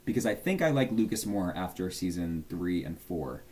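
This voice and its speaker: A man's voice: low-pitched, very animated, normal speed, darkish tone, a little hiss or hum. A young man chatting casually as a YouTuber, gushing and rambling about his favourites. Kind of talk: casual fan tier-list chat.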